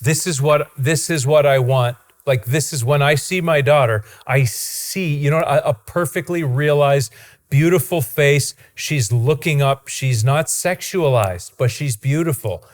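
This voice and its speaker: A man's voice: fairly high pitch, a little slow. Enthusiastic man hosting. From Ontario, Canada. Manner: enthusiastic, animated storyteller. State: father. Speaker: podcast host. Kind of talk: casual chat.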